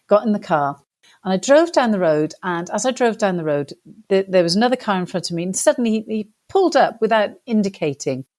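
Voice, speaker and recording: A woman with a British accent, a guest in an interview, telling a funny story in a lively way and acting out the voices of the people in it. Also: medium pitch. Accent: British English. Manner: lively animated storyteller, acts out quotes.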